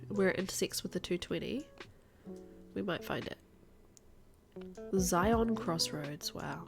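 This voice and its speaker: A woman's voice: fairly low pitch, takes it slowly, gravelly, long pauses, over music. A woman streaming a guessing game, thinking aloud and chatting to her viewers. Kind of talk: live-stream gameplay chat.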